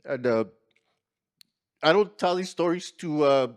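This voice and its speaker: A man's voice: fairly high pitch, measured pace. A man telling an earnest personal story at a community gathering, acting out the lines of people in it. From California. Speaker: community organizer speaker. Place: conference room.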